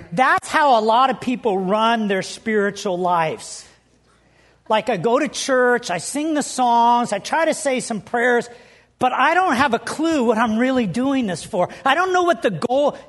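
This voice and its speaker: Conversational woman preacher telling stories. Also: high voice. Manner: conversational, storytelling, asks the audience. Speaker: pastor. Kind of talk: sermon.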